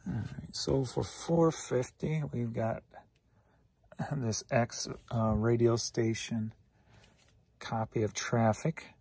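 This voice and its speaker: Worn out guy talking slow n gravelly, rambly and joking at himself, dry close sound. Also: mid-range voice, fairly even intonation, a little mellow, dry recording. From St. Louis, Missouri. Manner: rambling, self-mocking, laughs to himself. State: tired. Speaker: reseller vlogger. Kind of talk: casual solo vlog.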